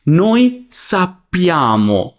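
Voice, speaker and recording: Guy teaching beginners, real slow and patient, spells out every form. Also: sits high, very animated. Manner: patient, spells out forms and translates each one. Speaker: Italian teacher. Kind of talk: slow, clear beginner grammar lesson.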